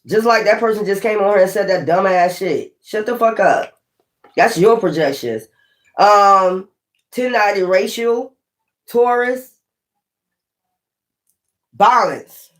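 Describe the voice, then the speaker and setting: Blunt, profane tarot reader. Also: medium pitch. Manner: blunt, profane and emphatic, with lots of repetition. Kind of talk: live tarot reading to viewers.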